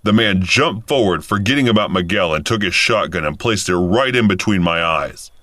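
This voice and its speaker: A man in his thirties narrating a first-person story in a casual, animated way. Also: low-pitched, moderate pace, dry recording. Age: 30s.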